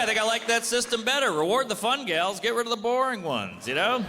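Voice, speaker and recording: A man doing stand-up comedy, brash and deadpan, acting out quick back-and-forth exchanges on stage. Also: extremely high pitch, very noisy. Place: comedy club stage before a live audience. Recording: live club recording with reverb and crowd.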